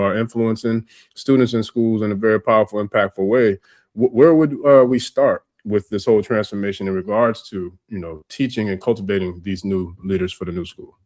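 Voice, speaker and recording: A man's voice: fairly low pitch, warm tone, no echo. Male host for a livestream talk show, laid-back street slang, stumbling repeats, dry close sound. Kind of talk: casual livestream chat.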